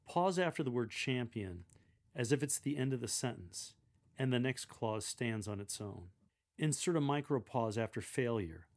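Speaking clearly in an animated, medium-pitched voice, a man coaches lectors. His guidance on reading scripture aloud is measured and deliberate.

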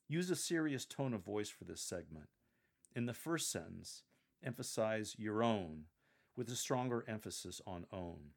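A man calmly coaching church readers on how to deliver a scripture reading, in a measured, explanatory way. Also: on the low side. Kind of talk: instructional coaching on reading aloud.

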